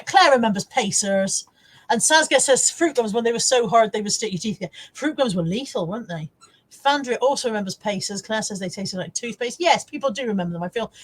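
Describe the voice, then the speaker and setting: A middle-aged woman hosting a casual live stream, chatting to viewers, laughing often and swearing freely. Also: medium pitch. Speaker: live-stream host reading viewer comments.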